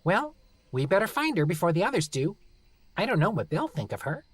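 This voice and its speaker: A reader performs a prim, bearded garden gnome woman from a storybook, her voice lifted high above the narration and carried with a lively, sing-song lilt. She speaks haughtily and bluntly, treating grim ideas as everyday matters. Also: brisk, breathy edge, no room sound. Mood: eager. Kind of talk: audiobook character reading.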